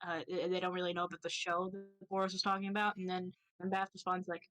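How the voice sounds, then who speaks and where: A woman's voice: on the low side, flat delivery, fast, a bit bright, faint music behind. A woman narrating her moves in a tabletop game, giggly, swearing often and teasing herself. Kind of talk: casual tabletop play narration.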